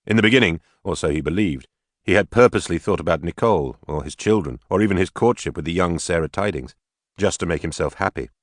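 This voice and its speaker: A man narrating an audiobook in a measured, steady storytelling manner. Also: low-pitched, no echo, clean studio sound.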